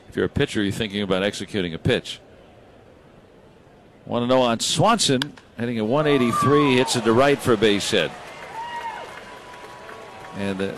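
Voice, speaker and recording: Brisk baseball play-by-play man. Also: medium pitch, slight background noise. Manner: brisk, rising with big plays. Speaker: play-by-play announcer.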